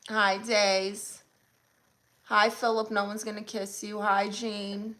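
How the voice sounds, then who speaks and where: Brooklyn woman, bright and sassy, live-stream host reading chat. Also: mid-range voice, little pitch movement. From Brooklyn, New York. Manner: sassy, blunt, quick comebacks. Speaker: comedian hosting a live stream.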